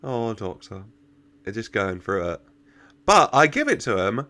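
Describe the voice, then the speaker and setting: A man's voice: lowish voice, sing-song, measured pace, sharp tone. A man giving casual reaction commentary, chatting, laughing often and talking back to the characters on screen. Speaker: reaction video host.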